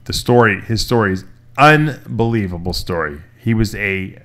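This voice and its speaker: A man with a lower-pitched voice hosts a casual talk, retelling a long story. He rambles, restarts himself and slips into quoted lines from the people in it. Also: animated, normal speed, fairly bright tone. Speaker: podcast host.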